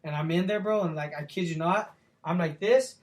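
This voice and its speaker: A young man speaks in a fairly high voice, a professional boxer recounting his fights in a relaxed interview. His talk is loose and slangy, packed with fillers and casual swearing. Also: moderate pace.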